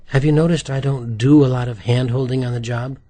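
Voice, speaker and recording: A man's voice: mid-range voice, steady tone, fairly quick, warm tone, dry recording, lightly acted. A man voicing a female police detective who talks in a clipped, dry way in an audiobook. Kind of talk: audiobook character voice.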